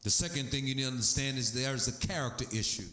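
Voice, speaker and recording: A man preaching a sermon, animated, his voice climbing high as he gets excited. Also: fast. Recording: echoey room.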